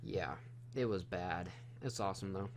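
A man's voice: deep voice, normal speed, a little hiss or hum. A man hosting a casual film review chat, retelling the plot in a rambling, profane way with lots of fillers.

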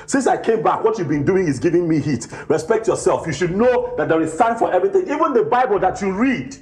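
Brief: a man as tired, exasperated Nigerian husband, high lively voice, echoey room, music behind. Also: fairly quick. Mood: lecturing. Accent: Nigerian English. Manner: exasperated, repetitive, sermonizing. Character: irritable husband Boma, tired after work. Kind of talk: Nollywood film acting.

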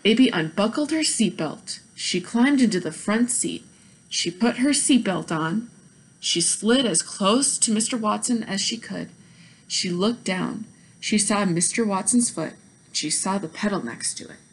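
A woman teacher reads a children's book aloud with clear, expressive storytelling. Her voice sits at an ordinary middle pitch. She paces the sentences for young listeners. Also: unhurried, a little hiss or hum, low-quality recording.

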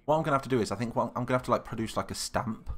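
Over quiet background music, a young man from Britain streams live, his mid-range, slightly bright voice coming out rapid-fire. He responds to viewer comments in a relaxed way, thinking out loud as he goes.

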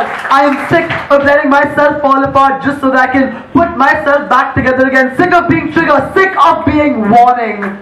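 A man's voice: extremely high pitch, noisy background. A man performing spoken word poetry live, intense and declamatory, shifting his pace between lines. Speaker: poet. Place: live poetry event in a venue. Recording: echoey live room recording.

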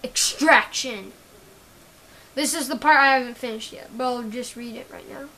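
A woman's voice: a little high, sharp tone, poor audio. A woman reading her own action story aloud, stumbling and correcting herself often. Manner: halting, often restarting and correcting words. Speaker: story reader.

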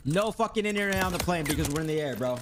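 A man's voice: a little high, fast, very noisy. A young man streaming while gaming, casually telling a rambling, profane story about his day. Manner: profane, rambling, animated retelling. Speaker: pro gamer streamer.

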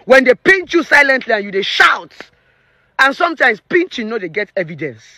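A woman's voice: fairly high pitch, very animated, normal speed, bright, forceful tone, no room sound. A woman in her thirties with a Nigerian accent, a relationship therapist giving her opinions in a preachy, emphatic vlog rant. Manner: emphatic and preachy, slipping into Pidgin.

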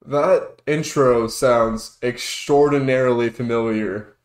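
A man's voice: mid-range voice, slow. A man doing sarcastic, profane comedic commentary on a video, ranting in mock outrage and mock awe. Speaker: commentary youtuber. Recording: echoey room with music underneath.

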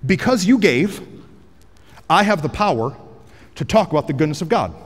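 A pastor preaching a sermon on a headset mic in a large church auditorium, energetic and joking, rising to shouts for emphasis. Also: male voice, fairly high pitch, normal speed, breathy edge, long reverb tail.

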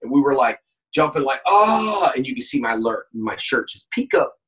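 A man in casual chat as a guest actor, telling animated stories and acting out shouts and quoted lines, heard over a call. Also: medium pitch, brisk, husky, recorded from a distance, poor audio. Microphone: phone call.

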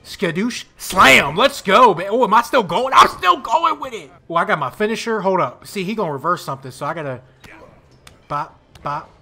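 A high, gravelly young man plays a wrestling video game and talks over it. He swings from loud, excited trash talk to mumbled asides, and his voice jumps up and down constantly. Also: normal speed. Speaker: gaming YouTuber.

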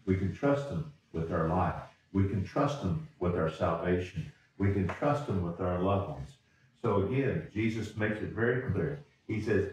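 Captured on a distant mic, this pastor's voice sits low and is a little mellow. He delivers his sermon in a folksy, repetitive manner, often restarting words and chuckling, with the roomy sound of the church sanctuary around him.

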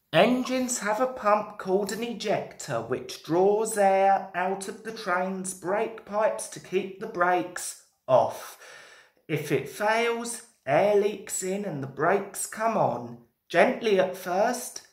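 A woman narrating a storybook in an expressive, measured way. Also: fairly low pitch. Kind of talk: storybook reading. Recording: roomy echo.

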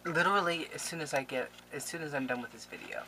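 Gushing, excitable woman with a low voice. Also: fast talker, slight background noise, poor audio. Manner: gushing, excitable, breaks into laughs and whispers. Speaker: scrapbooking vlogger. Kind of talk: casual chat opening mail on camera.

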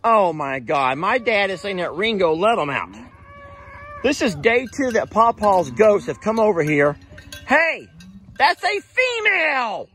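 A man vlogging outdoors by a creek, excitable and often shouting to his animals. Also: high voice, moderate pace. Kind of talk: casual outdoor vlog.

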